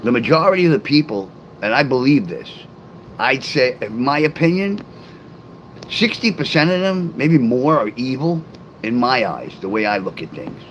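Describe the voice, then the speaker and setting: A man's voice: mid-range voice, big pitch swings, moderate pace, slight background noise, low-quality recording. A middle-aged man rambling casually on a livestream, talking straight to his chat and reading their comments aloud. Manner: reads and answers live comments aloud.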